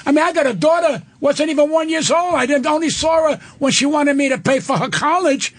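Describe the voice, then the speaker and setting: An older man, a guest comedian, delivering a loud and profane shouting rant on a studio talk radio show. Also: very high voice, a little fast.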